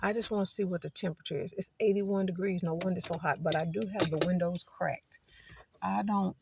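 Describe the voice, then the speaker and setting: This middle-aged vlogger's lowish, creaky voice moves briskly and steadily as she chats with viewers from her parked car. Her casual talk rambles from one idea to another against a noisy background.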